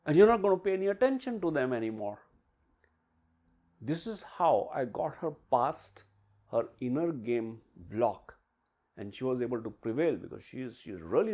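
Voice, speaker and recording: Male business mentor, storyteller, voices swing widely in pitch and volume as he acts things out. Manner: animated, acts out quotes and sounds with big swings in pitch and loudness. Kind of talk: storytelling coaching talk.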